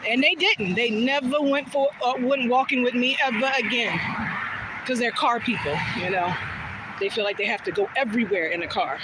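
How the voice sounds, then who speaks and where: Holding her phone as she walks a trail outdoors, a woman vlogger chats her way through a casual story at a normal speed. Her voice runs a little high, and she swears freely as she imitates what others said. Sounds of the outdoors fill the background.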